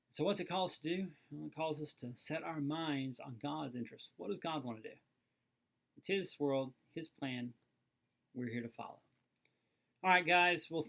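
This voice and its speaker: Earnest pastor with a gravelly voice. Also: male voice, on the high side, fairly bright tone. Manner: earnest, explanatory, repeats words. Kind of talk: daily Bible study talk. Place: church livestream.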